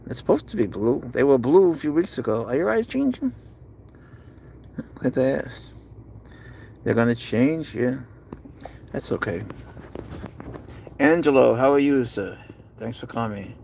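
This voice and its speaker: A man streaming live from inside a car, doting on his pet cat and often slipping into high baby talk. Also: lively intonation, moderate pace, creaky, long pauses, warm tone, slight background noise. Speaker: pet owner vlogger. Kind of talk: casual live-stream chat.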